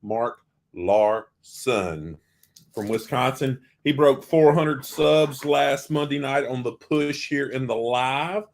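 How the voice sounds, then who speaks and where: A Southern man hosts a casual live stream, joking and teasing his co-host as he rambles through shout-outs. His pitch sits in the middle of the usual range for a man. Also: steady tone, unhurried, gravelly, few pauses. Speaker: co-host of a travel livestream. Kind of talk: casual livestream chat.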